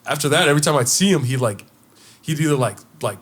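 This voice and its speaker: A young man co-hosting a casual podcast, telling a school story with lots of swearing and getting loud and excited. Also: on the high side, quick pace. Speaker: podcast co-host.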